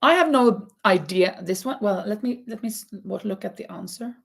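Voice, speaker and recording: A woman's voice: mid-range voice, normal speed, gravelly, slightly rough. A woman hosting a live crochet chat, reading out quiz questions and answering viewers, laughing often. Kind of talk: casual live-stream chat.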